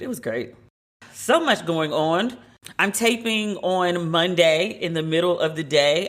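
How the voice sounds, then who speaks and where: Chatty, bright-voiced woman podcast host. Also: low voice. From based in Los Angeles. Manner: chatty and animated, many "like" fillers. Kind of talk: casual solo chat. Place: open-plan home loft.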